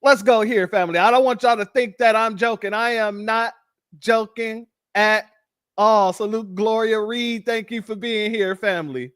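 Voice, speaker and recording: An American man hosting a live-stream commentary, sarcastic and animated, calling his viewers family. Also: high voice, moderate pace, clear, resonant tone, no room sound, studio quality. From United States.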